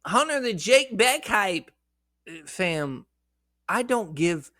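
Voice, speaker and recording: A man's voice: high voice, sing-song, slow, pushed and bright, no room sound, clean studio sound. A man talking fantasy football straight to his viewers, blunt and profane, his voice a bit shaky after hours of hiccups. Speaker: fantasy football content creator. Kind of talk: casual fantasy football talk to camera.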